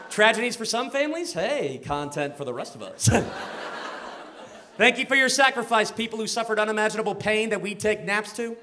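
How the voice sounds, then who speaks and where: A man doing a brash, crude stand-up set on a club stage, chuckling at his own jokes. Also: very high-pitched. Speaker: stand-up comedian. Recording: noisy live club recording.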